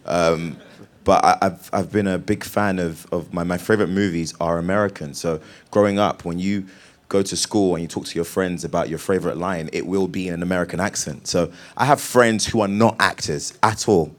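A man's voice: low voice, normal speed. A British man, an actor, answering interview questions on stage in a playful way, laughing and restarting his sentences. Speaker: actor guest.

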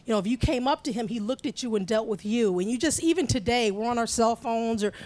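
A woman's voice: fairly high pitch, animated, quick pace, a little mellow. A woman as an interview guest, speaking reflectively and conversationally with many "you know"s. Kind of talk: casual interview chat.

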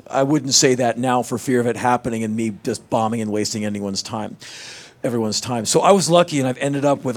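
A man's voice: medium pitch, brisk. Guy on a movie panel chatting loose, acts out little bits of dialogue. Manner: animated, acts out quotes. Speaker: actor on a film panel. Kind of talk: casual storytelling.

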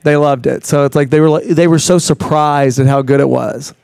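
Smooth, upbeat man chatting animatedly. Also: fairly high pitch, fairly even intonation, a little fast, darkish tone, no room sound, clean studio sound. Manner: enthusiastic, rambling with many restarts. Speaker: fitness trainer guest. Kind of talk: casual interview talk.

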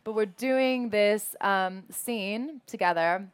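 Smooth-voiced young woman telling anecdotes. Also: mid-range voice, takes it slowly. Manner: animated storyteller, laughing often. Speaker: actress and guest. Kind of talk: anecdotal interview chat.

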